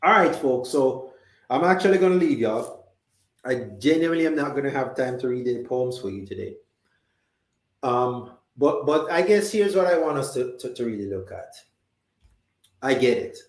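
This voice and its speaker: A man's voice: medium pitch, lively intonation, moderate pace, roomy sound. A man with a Jamaican accent hosting a live talk show, chatting conversationally and reading out viewer comments. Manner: conversational, reads viewer comments, many restarts and fillers.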